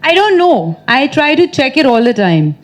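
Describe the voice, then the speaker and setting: A woman's voice: high-pitched, very animated, normal speed, rough recording. A woman in her thirties with an Indian English accent, answering press questions at a film event in a chatty, playful way that teases the reporters. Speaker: actress at a press meet.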